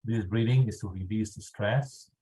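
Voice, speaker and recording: A man leading a guided tapping exercise over a video call, speaking calmly and checking in often with his listeners. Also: lowish voice, low-quality recording. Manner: slow, calm instructional pacing with frequent "all right". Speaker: EFT tapping instructor.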